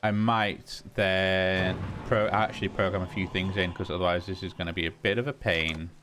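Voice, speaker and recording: Low-voiced man musing over gameplay. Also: fairly even intonation, moderate pace, fairly bright tone, slight background noise. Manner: muses aloud, talks to game items. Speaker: gaming channel host. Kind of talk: casual gameplay commentary.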